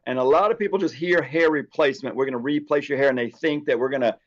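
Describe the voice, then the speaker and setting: A man's voice: medium pitch, quick pace, lo-fi sound. A man co-hosting a casual chat show, telling stories as a hair replacement specialist. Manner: chatty storyteller, animated.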